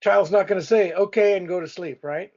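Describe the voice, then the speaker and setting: A man's voice: sits high, a little fast, darkish tone, highs cut off. A male pastor teaching a church couples class in a conversational way, speaking directly to the couples in the room.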